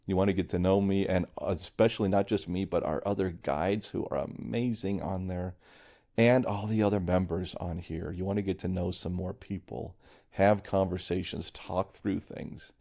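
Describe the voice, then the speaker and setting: Casual solo podcaster, man, deep and mellow, quietly worried, meandering thoughts. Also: fairly even intonation, normal speed. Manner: reflective, meandering, restarts often. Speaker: podcast host.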